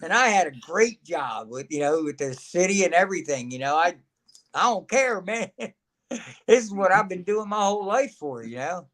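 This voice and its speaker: A man's voice: high voice, very animated, moderate pace, fairly bright tone. A man, a guest telling stories in a folksy, laughing way. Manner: folksy, laughs often, acts out quotes. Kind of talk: casual storytelling chat.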